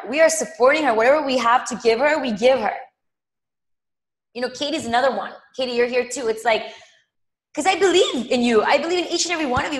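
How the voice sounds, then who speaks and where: A woman with a high, fairly bright voice runs a live money coaching session in a roomy-sounding space. She speaks emphatically, repeats phrases, and addresses viewers directly by name.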